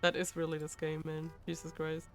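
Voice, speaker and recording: A young woman streamer reading a visual novel aloud, playful and quick to swear in disbelief. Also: low-pitched, monotone.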